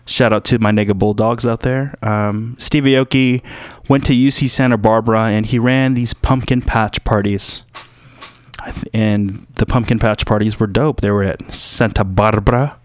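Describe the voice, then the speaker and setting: A man hosting a radio show, rambling through a joking monologue full of fillers and sudden loud put-on voices. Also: lowish voice, steady tone, moderate pace, no echo, clean studio sound. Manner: rambling, jumps into loud shouted impressions; filler-heavy, loose and joking.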